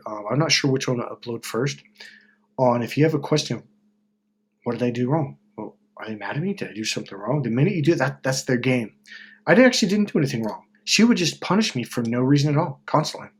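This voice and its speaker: A middle-aged man with a breathy-edged, mid-range voice hosts a casual self-help video. He's blunt and profane, lapsing into loud, mocking voices to quote what people say.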